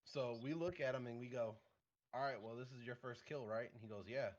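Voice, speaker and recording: A man's voice: mid-range voice, a little fast, highs cut off. A young man from Michigan, co-hosting a casual podcast and telling hunting stories with a laid-back, laughing manner. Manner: relaxed storyteller, laughs often. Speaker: podcast co-host.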